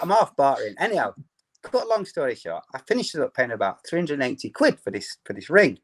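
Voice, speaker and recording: A Yorkshireman in his fifties, once a footballer, tells anecdotes with animated energy, laughing and acting out the dialogue. He has a slightly high voice and talks fast.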